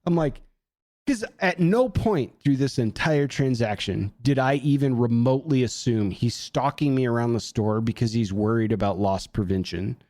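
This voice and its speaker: A man on a podcast telling a story in casual chat, animated, swearing a lot and acting out what people said. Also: mid-range voice, moderate pace, no echo, clean studio sound. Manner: animated, heavy swearing, acts out quotes. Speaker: podcast co-host.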